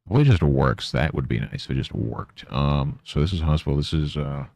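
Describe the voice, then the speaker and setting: A man's voice: rumbling low, fairly quick, gravelly, darkish tone, no echo. A man streaming while he works, muttering to himself and playfully scolding his pet. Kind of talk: casual live-stream chatter.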